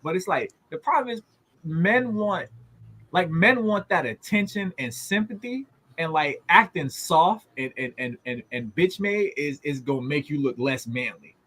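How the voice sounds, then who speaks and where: A man's voice: on the high side, animated, a little slow, fairly bright tone, slightly rough. A man co-hosting a casual family talk show, telling stories animatedly and acting out both sides of a conversation. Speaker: podcast co-host. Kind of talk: casual chat.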